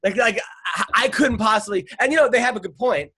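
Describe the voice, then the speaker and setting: A man's voice: high-pitched, fast, sharp tone, husky. A middle-aged man hosting a podcast, telling a rambling story in casual chat, stammering, restarting and swearing freely. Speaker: podcast host.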